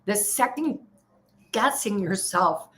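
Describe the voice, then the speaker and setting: A woman's voice: medium pitch, lively intonation, slow pace. A middle-aged woman coaching traders live. She talks with energy and emphasis, and now and then acts out the voices in their heads. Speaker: trading coach.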